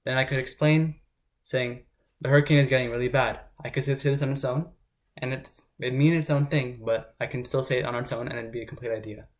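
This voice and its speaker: A man's voice: mid-range voice, steady tone, fairly quick. A man working as a test prep tutor, explaining grammar rules in an informal way and often checking in with listeners. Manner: informal, talks it through with frequent "right?" check-ins.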